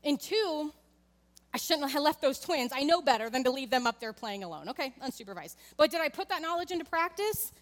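The voice is a woman's, high and expressive, going a little fast and sounding like it fills a large hall. She's in her thirties, preaching conversationally in a church sanctuary, where she shares an open family story and speaks right to the congregation.

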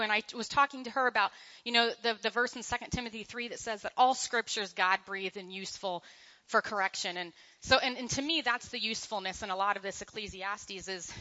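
Middle-aged woman leading a casual Bible study, bright and lively, acts out quotes, slightly muffled recording. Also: a little high, a little fast. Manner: chatty, animated, laughs often, acts out quotes. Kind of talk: casual church talk to a group.

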